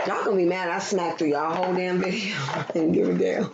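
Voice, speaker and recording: Woman tarot reader, loose and profane, lowish voice, dull lo-fi sound with noise behind. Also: fairly even intonation, a little slow, creaky. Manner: loose, profane, playful, breaks into singing. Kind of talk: casual livestream tarot reading.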